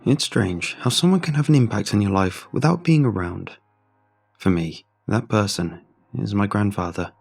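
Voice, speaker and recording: A man reading a horror story in measured, somber scripted narration. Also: fairly low pitch, creaky, a little mellow, breathy edge. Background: faint music.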